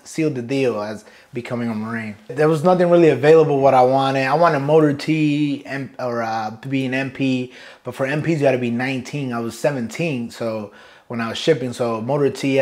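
A man's voice: medium pitch, darkish tone. A man, a Marine sergeant major telling loose, profane stories from boot camp in a casual interview, often laughing. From Brooklyn, New York.

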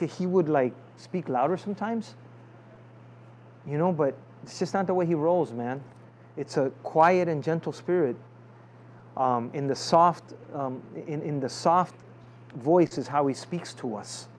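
A man's voice: on the high side, unhurried, slight background noise. A male pastor preaching in a loose, conversational way and calling for amens from the congregation. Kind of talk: sermon with prayer.

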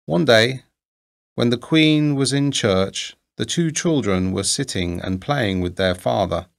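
A man reading an old fairy tale aloud in a measured, deliberate storytelling manner. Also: medium pitch, creaky. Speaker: narrator.

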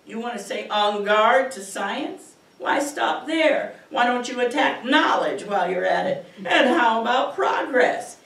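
A woman's voice: on the high side, animated, unhurried, hardly any pauses, a bit bright. A woman voicing a sassy, folksy muse. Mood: mocking. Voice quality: folksy, mocking, talks back. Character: sassy scolding muse spirit, folksy and blunt. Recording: echoey auditorium from far off.

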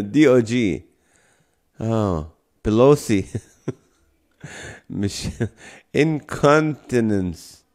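Guy doing a live stream, talks real slow, reads chat comments out and laughs a lot. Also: mid-range voice. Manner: slow, playful, reading viewer comments aloud and laughing often. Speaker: livestream host. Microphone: phone or camera mic.

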